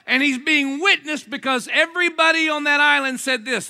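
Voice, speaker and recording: Gravelly, shouting preacher man. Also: a little fast. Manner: swings from low asides to shouted exclamations; jokey, asks the crowd for responses. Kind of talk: energetic sermon.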